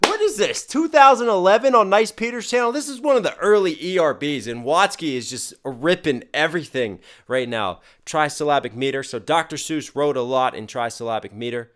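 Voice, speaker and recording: A man's voice: a little high, animated, a little fast, hardly any pauses, fairly bright tone. A man reacting to a rap video, enthusiastically analyzing the lyrics with casual swearing. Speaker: rapper reacting to music videos.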